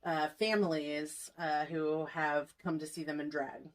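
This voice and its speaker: A woman's voice: sits low, fairly even intonation, a little slow, low-quality recording. A woman hosting a casual review chat, recapping scenes and laughing easily. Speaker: host.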